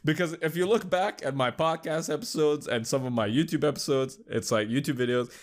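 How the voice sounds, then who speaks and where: A man's voice: a little high, a little fast. A young man hosting a podcast, chatting casually in a loose, rambling way with lots of swearing. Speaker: podcast host. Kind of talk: casual solo commentary.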